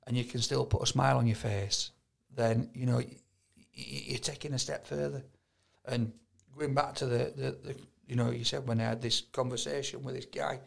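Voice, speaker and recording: Gravelly Yorkshire man in casual chat. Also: mid-range voice. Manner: chatty storyteller, stumbles and repeats words. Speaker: podcast co-host.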